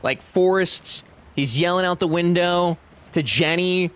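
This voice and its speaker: A man's voice: high voice, measured pace, a bit bright. A young man streaming a game live, chatting casually and animatedly with his chat and friends, swearing freely.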